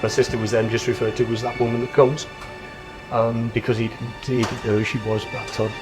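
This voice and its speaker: Older guy talking slow and thoughtful, flat even voice, soft music under it. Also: medium pitch, low-quality recording. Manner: reflective, halting with fillers. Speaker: rugby fan. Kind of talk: documentary interview.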